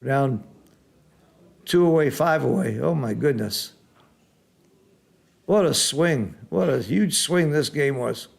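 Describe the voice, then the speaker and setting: A man commenting live on a board game match, reacting loudly to big swings and then explaining the strategy patiently like a teacher. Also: medium pitch, slow, vocal fry, long pauses. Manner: excitable, exclaims loudly at big rolls, then explains calmly.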